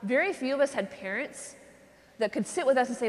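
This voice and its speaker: A woman's voice: high-pitched, expressive, brisk. Woman preaching in a reverberant cathedral. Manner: conversational, often checks in with "okay?"; drops to a soft hush when voicing prayer. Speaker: retreat speaker, religious sister. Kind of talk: charismatic retreat talk. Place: large cathedral.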